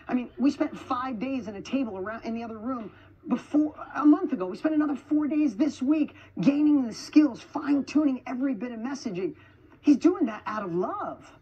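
A woman giving an energetic, emphatic motivational speech to an audience in an event hall, repeating phrases for effect. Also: a little high, slightly rough, highs cut off. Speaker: motivational speaker.

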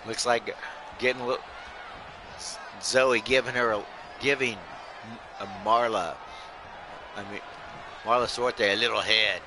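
A man's voice: medium pitch, steady tone, unhurried, long pauses. Casting note: man, loose and jokey play-by-play for a streamed wrestling game, noisy game sound behind him. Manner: loose play-by-play, often addressing "folks", joking asides. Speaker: host and play-by-play commentator. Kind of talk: live-streamed video game wrestling commentary.

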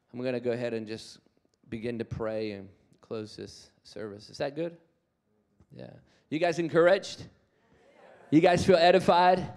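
A man preaching a sermon, telling stories with animation and calling on the congregation to respond. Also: medium pitch. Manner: animated storytelling, acts out quoted voices. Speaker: guest preacher.

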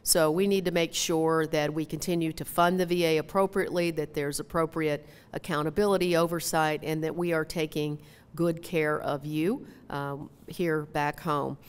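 A woman's voice: low-pitched, steady tone, normal speed, smooth. A woman from Minnesota with a Minnesotan twang, a member of Congress giving a folksy, earnest town hall speech at a podium microphone in a large hall. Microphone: podium mic. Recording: long hall reverb.

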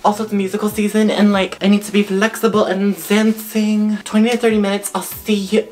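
A woman's voice: mid-range voice, level tone, brisk, hardly any pauses, a little mellow. A teenage girl vlogging casually at home, chatty and self-mocking, filling her talk with "like", recorded on a camera mic in her bedroom. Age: teens. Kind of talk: casual vlog chat.

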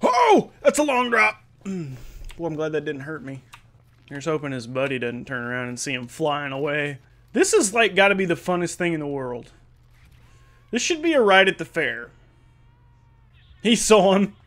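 A man giving casual, joking commentary while playing a video game, excitable and cursing freely. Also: fairly high pitch, normal speed. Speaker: gameplay video host. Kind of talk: casual let's-play commentary.

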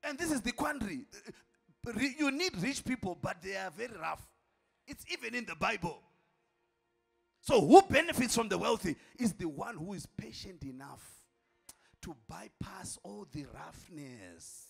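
A man's voice: sits high, very animated, a little slow, vocal fry, husky, faint music behind. Emphatic preacher man. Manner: emphatic, calls out to the congregation, repeats lines for effect, at times shouting. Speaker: apostle preaching. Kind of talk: sermon.

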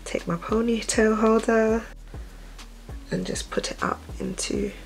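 Relaxed young woman vlogging. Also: fairly high pitch, measured pace, vocal fry, faint music behind. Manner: relaxed, chatty, step-by-step. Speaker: hair vlogger. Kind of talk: casual hair tutorial. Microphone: phone.

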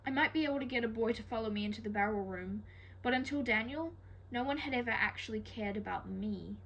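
A woman's voice: fairly high pitch, fast talker, fairly bright tone, muffled recording. Flirty stubborn younger sister, a woman reading her, breezy and insistent. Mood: defensive.

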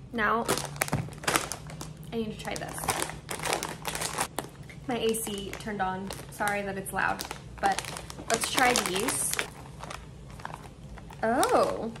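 A woman's voice: medium pitch, drawn-out words, long pauses, very noisy. A young woman vlogging at home, chatting eagerly about her shopping haul and thinking aloud as she tastes snacks. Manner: chatty, excited, thinks aloud while tasting. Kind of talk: casual haul and taste-test vlog. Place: indoors at home, air conditioner running.

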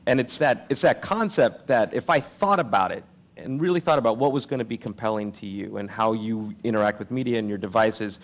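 A man hosts a live conversation on stage, his voice fairly low and gravelly. He takes his time building up to long questions, stumbling over a few starts on the way. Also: fairly quick. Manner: hesitant, many restarts. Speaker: moderator. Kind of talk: on-stage interview.

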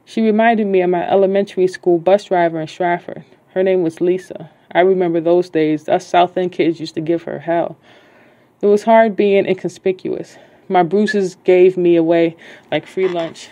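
A woman reading her own novel aloud in a casual, halting way, stopping to correct herself when she stumbles. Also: lowish voice, dark tone.

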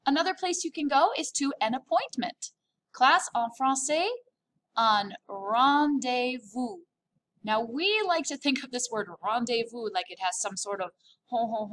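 A woman's voice: sits high, fairly bright tone, a little hiss or hum. An upbeat, playful woman teaching a recorded French lesson, drawing out words to model pronunciation.

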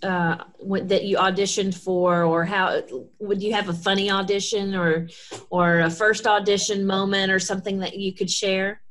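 Woman, host, casual interview, prompting questions, mid-pitched voice. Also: level tone, moderate pace, fairly bright tone.

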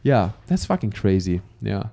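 A man's voice: fairly low pitch, big pitch swings, moderate pace, vocal fry, warm tone. A young man hosting a casual podcast chat, joking and laughing often. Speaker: podcast host.

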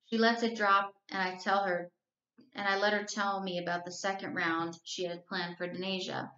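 A woman teacher reading a novel aloud to her class, telling the story at a steady, even pace. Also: medium pitch, normal speed. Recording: roomy, slightly dull recording.

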